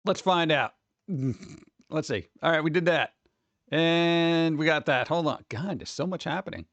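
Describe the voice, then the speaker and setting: Host excitable streamer guy, high voice, dry close sound, rambling chat. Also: unhurried, no echo, highs cut off. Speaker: livestream host. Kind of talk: casual live-stream chat.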